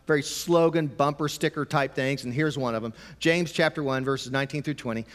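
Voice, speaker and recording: A male pastor delivers a conversational sermon at a middle pitch. His voice rings with a long reverb, as in a big church hall. He presses points with emphasis, then drops to a quiet, low tone. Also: normal speed, hardly any pauses.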